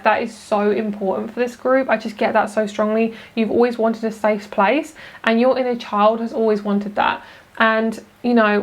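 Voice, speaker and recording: A young woman giving a chatty, gushing tarot reading, swearing now and then for emphasis. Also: a little high. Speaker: tarot reader. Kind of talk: casual tarot reading monologue.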